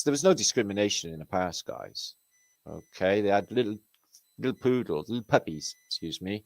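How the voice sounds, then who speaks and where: A man's voice: deep voice, lively intonation, fairly quick, no room sound, poor audio. A man from Britain hosting, giving rambling, sarcastic and profane commentary over pictures. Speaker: host.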